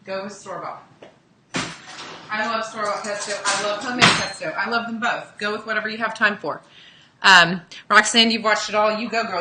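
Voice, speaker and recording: A woman's voice: medium pitch, sharp tone, roomy sound, poor audio. A woman hosting a casual live cooking demo, chatting with viewers as she cooks in a home kitchen. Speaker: cooking show host.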